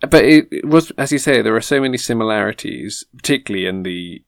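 A man's voice: on the low side, expressive, quick pace, vocal fry, dry recording, clean studio sound. A man from England discussing a novel in casual chat, wry and self-deprecating, laughing often.

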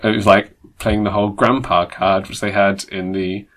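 A man's voice: lowish voice, little pitch movement, normal speed, fairly bright tone. A man co-hosting a podcast in casual chat, teasing and laughing often. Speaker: podcast co-host.

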